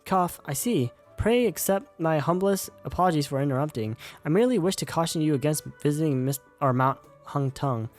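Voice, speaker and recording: A man's voice: on the high side, lively intonation, a little fast, hardly any pauses, faint music behind, close to an everyday voice. A man voicing a courteous male host in a game, putting on an odd accent and archaic courtly wording.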